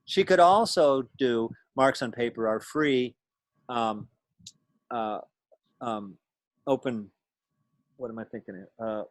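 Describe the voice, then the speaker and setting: A male teacher explains a point step by step to his class. He sounds patient and thinks aloud as he goes, at an ordinary middle pitch. He comes through a video call with a dry, close sound and no room echo. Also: slow pace, long pauses. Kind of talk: lecture to a class.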